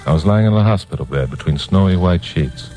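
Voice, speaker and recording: A hard-boiled young detective. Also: male voice, low-pitched, animated, fairly quick, dark tone, rough recording. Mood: narrating. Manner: hard-boiled first-person narration. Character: tough young male private eye, wisecracking. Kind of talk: 1950s radio drama acting. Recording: old radio broadcast with music underneath.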